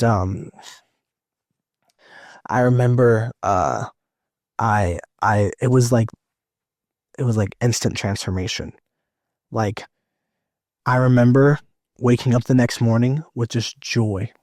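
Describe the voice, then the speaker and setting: A man's voice: mid-range voice, darkish tone, dry recording, studio quality. A young man in his twenties, an evangelist, telling his testimony in a rambling, emotional way with many fillers and restarts. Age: 20s. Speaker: evangelist guest. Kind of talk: personal testimony in conversation.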